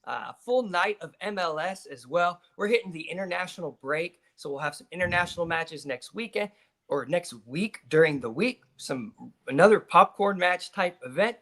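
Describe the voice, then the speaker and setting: Bright upbeat male co-host. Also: high voice, animated, moderate pace. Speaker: soccer betting co-host. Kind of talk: casual sports chat.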